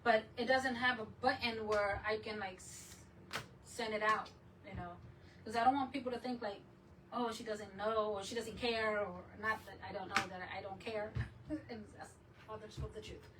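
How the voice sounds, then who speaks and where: A woman's voice: medium pitch, moderate pace, recorded from a distance, a crowd in the background, rough recording. A woman hosting a crafting channel, chatting casually and rambling as she works, often laughing. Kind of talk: casual live chat while crafting.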